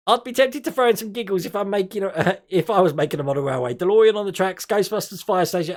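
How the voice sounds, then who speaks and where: A man's voice: high-pitched, fairly quick. A man from Australia hosting a casual live stream, chatting and laughing often and tripping over his words now and then.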